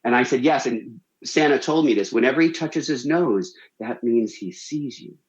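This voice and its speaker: A man telling a story on a radio show, animated and acting out the people he quotes. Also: normal speed, echoey room, lo-fi sound. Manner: animated, acts out quotes with big pitch jumps. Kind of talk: casual storytelling.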